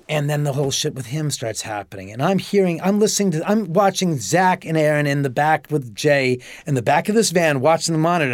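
A man interviewed at length, telling a story in an animated way and swearing freely. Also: on the high side, no room sound, studio quality. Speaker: homeowner interviewed about a haunting.

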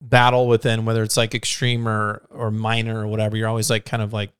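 Male podcast co-host, smooth voice, casual and filler-heavy. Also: fairly low pitch, completely flat delivery, fast, a bit bright, no echo, clean studio sound. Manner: loose, joking, filler-heavy.

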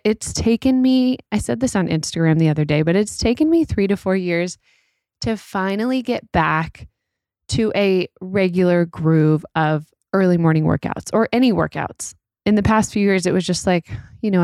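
Chatty woman podcast co-host, lowish voice. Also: dry recording, studio quality. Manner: chatty, laughs often, warm storytelling. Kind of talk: casual chat.

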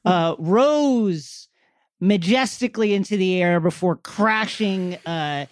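A man hosting an interview, asking wry, measured questions with some fillers. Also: sits high, expressive, no echo, clean studio sound. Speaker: host.

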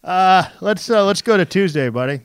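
A man's voice: sits high, lively intonation, normal speed, smooth, dry recording. A man co-hosting a word podcast in casual chat, dry and teasing as he grades his partner's jokes. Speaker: podcast co-host.

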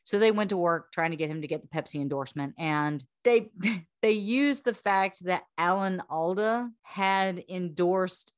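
A woman hosts a podcast and walks her co-hosts through a story in a relaxed, chatty way, often laughing and repeating herself. Her voice sits a little low, and the sound is dry and close. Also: unhurried, no room sound. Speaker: podcast host. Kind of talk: casual storytelling chat.

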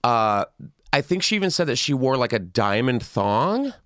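A man hosting a casual comedy podcast, animated and jokey, sometimes mocking people in a high voice. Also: moderate pace, no room sound, studio quality. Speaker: podcast host.

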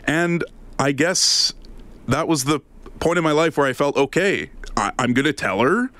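A man's voice: a little high, lively intonation, moderate pace, bright, forceful tone, dry recording. A man co-hosting a radio talk show, sharing personal stories in an open, earnest way. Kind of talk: casual on-air chat.

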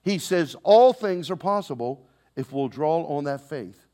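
A middle-aged man delivers a sermon in a fairly high voice that swoops widely up and down. He punctuates with calls to the congregation and builds emphasis phrase by phrase. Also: animated, measured pace, dark tone. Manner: preacherly call-and-response, rising and falling emphasis. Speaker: pastor.

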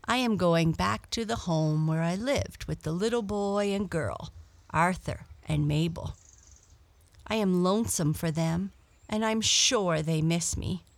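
A woman reading a storybook aloud and voicing a polite, homesick female black cat, raising her pitch. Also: unhurried, creaky, no echo.

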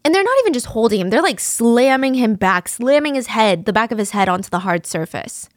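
A woman's voice: on the high side, animated, a little fast, no room sound, studio quality. A woman narrating a true crime story in a casual, vivid, conversational way, sometimes dropping to a whisper.

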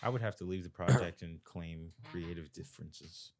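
Low-voiced puzzled man. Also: normal speed, darkish tone. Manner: puzzled, questioning. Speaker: podcast co-host. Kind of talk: casual chat.

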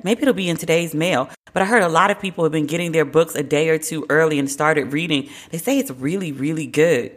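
A podcast host giving casual, wry solo commentary, chatty and animated in retelling. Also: medium pitch.

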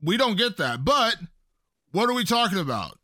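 Bright, higher-voiced host man. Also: big pitch swings, moderate pace, dry recording, clean studio sound. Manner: emphatic, repeats points for stress. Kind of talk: casual podcast chat.

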